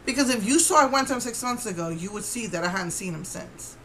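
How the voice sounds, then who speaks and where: A woman's voice: medium pitch, expressive, fast talker, fairly bright tone, a little hiss or hum, rough recording. A woman vlogger telling a story to camera in an indignant, rambling way with many restarts.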